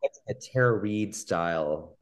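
A man co-hosting a podcast, chiming in with quick, wry comments in casual chat. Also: low-pitched, lively intonation. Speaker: podcast co-host.

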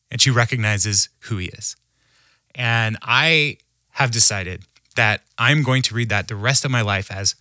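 A man speaking as a podcast guest who tells stories in an animated way and laughs often. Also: medium pitch, a little slow, dry recording, studio quality. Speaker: podcast guest, humor researcher. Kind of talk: conversational storytelling.

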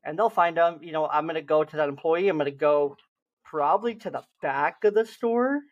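A young man co-hosting a podcast, chatting casually and acting out gentle reassuring lines to a lost child. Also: on the high side, fairly quick, dull audio. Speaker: podcast host. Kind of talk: casual chat.

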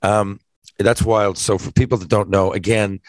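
A man's voice: lowish voice, fairly even intonation, moderate pace, no echo. Chatty man chiming in. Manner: prompting, chiming in with short remarks. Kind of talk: casual chat.

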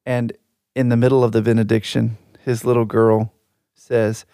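Middle-aged male podcast co-host, gravelly, wry storyteller, dry close sound. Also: mid-range voice, level tone, normal speed, mellow, no room sound. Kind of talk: casual chat.

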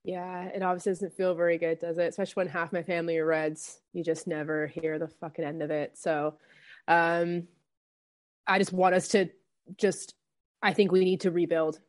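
A woman from Canada on a casual podcast, speaking calmly and matter-of-factly. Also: fairly low pitch, fairly quick. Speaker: podcast panelist.

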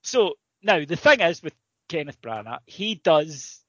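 A man, co-hosting a podcast, telling a rambling, sweary, animated story in casual comedic chat. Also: fairly high pitch, a little slow, no room sound. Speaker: podcast co-host. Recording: dry, slightly muffled recording.

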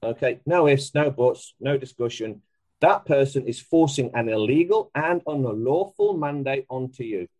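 A man talking as a podcast guest in a casual, emphatic and animated way, laughing often. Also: mid-range voice, moderate pace, poor audio.

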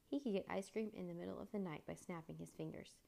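A woman voicing an excitable, joking young boy in a storybook reading. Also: lowish voice, fast talker, vocal fry. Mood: teasing. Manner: teasing, loud.

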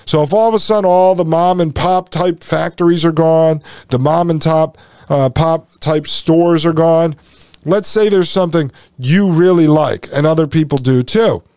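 A man's voice: a little high, a little mellow, dry recording, studio quality. A man hosting a podcast, reading passages aloud and breaking off into folksy, sarcastic asides to his listeners. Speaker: podcast host.

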